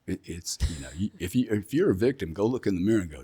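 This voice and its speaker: A middle-aged man speaks with an English accent in a very deep, low voice. He talks bluntly and with emphasis, often repeating points as he answers casual interview questions. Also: sing-song, quick pace, warm tone, husky. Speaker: guest.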